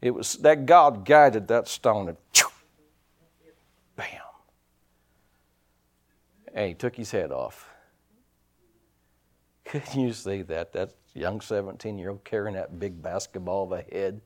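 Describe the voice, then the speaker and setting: A man preaching a sermon as pastor, folksy, telling stories and swinging his loudness up and down, from the United States. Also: on the low side, takes it slowly, pauses often. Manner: folksy storytelling preacher, rising and dropping loudness.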